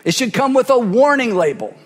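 A pastor delivering a sermon through a cheek-worn headset mic, swinging from loud bursts to hushed asides as he acts out voices. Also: extremely high pitch, sing-song, a little fast, big-room sound. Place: large church hall.

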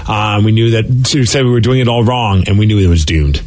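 Fast-talking male radio co-host. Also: fairly low pitch, animated, a little mellow. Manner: quick, wry remarks. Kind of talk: morning radio banter.

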